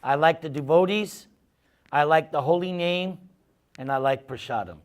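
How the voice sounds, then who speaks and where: At a moderate pace and with a voice on the high side, a man entertains an audience with animated, funny stories and takes their questions in an informal talk.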